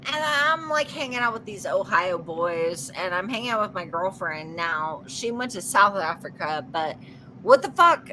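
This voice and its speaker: A drunk woman from Kansas with a Kansas twang, chatting loudly and profanely on a podcast. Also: mid-range voice, lively intonation, normal speed, a little hiss or hum, poor audio. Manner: loud, profane, laughing often. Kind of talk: drunken casual chat.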